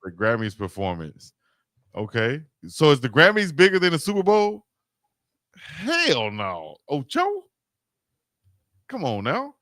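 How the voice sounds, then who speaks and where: A man's voice: fairly high pitch, measured pace, pauses often. A man hosts a casual sports stream, and his voice swings up and down as he argues playfully. The sound is dry and close, with no room echo. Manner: lively, animated, playful arguing. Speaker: host of a live stream.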